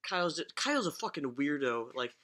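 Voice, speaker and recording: A young man spins stories in a loose podcast chat, his voice swinging widely up and down. The tone is bright and forward, full of swearing and fillers, and he keeps breaking into laughter. Relaxed, rambling, casual. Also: fairly high pitch, brisk. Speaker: podcast co-host telling stories.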